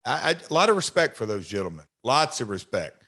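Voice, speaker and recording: A middle-aged man, a wrestler hosting a podcast, telling a story in a reflective, halting way. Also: mid-range voice, big pitch swings, vocal fry, sharp tone. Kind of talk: casual podcast chat.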